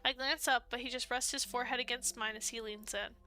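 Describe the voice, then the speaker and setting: A woman's voice: fairly high pitch, fairly even intonation, fast talker, bright, forceful tone, soft background music. A young woman streaming a dating game, reading its narration aloud and reacting expressively, laughing and emotional. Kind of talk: let's play with read-aloud narration.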